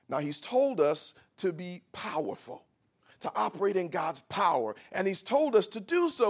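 Male pastor, sermon, emphatic, swells to shouts, slightly high voice, church congregation. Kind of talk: sermon with call and response.

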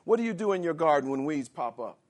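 A man preaching a sermon. He reads scripture slowly, explains it in plain words, and rises to emphatic shouts. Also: a little high, sing-song.

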